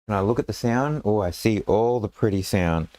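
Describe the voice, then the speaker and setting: A man's voice: lowish voice, normal speed, dark tone, no room sound. A man hosting a live stream in a casual, joking way, rambling and breaking off mid-thought. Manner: rambling, joking, self-interrupting. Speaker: stream host. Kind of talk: casual chat.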